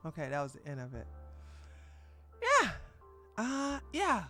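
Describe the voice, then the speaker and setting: A woman hosting a casual reaction commentary stream, talking in an animated, mocking way with frequent laughs. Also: mid-range voice, measured pace, soft background music. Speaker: commentary host.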